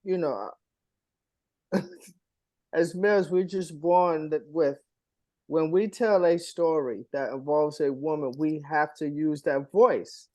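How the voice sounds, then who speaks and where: A man co-hosting a casual podcast chat, an animated storyteller who laughs often and mimics voices. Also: on the high side, takes it slowly, long pauses, dry recording. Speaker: podcast co-host.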